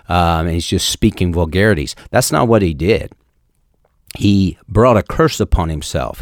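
A man preaching a sermon, telling the story in an earnest way and slowing down on the words he stresses. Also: sits low, a little mellow, dry recording, clean studio sound. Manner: earnest, storytelling delivery with slow emphatic stretches.

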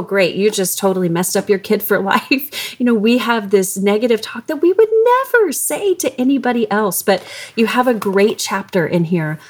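A woman hosting a faith-based parenting interview, telling personal stories in an earnest, emotional way. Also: medium pitch. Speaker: podcast host.

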